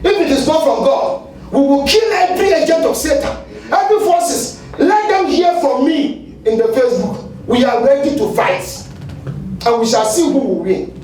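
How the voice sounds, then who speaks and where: A male pastor with a Ghanaian English accent, preaching a fiery sermon and shouting at its peaks. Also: very high voice, animated, moderate pace, faint music behind. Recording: echoey hall, far from the mic, light noise.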